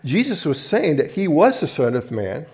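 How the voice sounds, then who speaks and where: A man's voice: a little high, sing-song, normal speed, a little mellow. A man preaching a sermon, emphatic and often restarting to rephrase his point as he urges listeners to look and listen. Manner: restarts and rephrases mid-thought. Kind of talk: sermon teaching from scripture.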